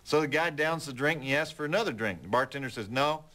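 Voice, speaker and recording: A middle-aged man hosting a late-night movie show, telling stories and jokes in a wry, deadpan way. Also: fairly high pitch, fast talker. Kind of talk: folksy TV host patter and joke telling.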